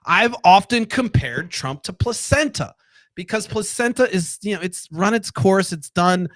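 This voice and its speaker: Profane, rambling man with a higher voice. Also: expressive, measured pace, fairly bright tone, no echo. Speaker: political commentary host. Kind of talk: casual solo rant to camera.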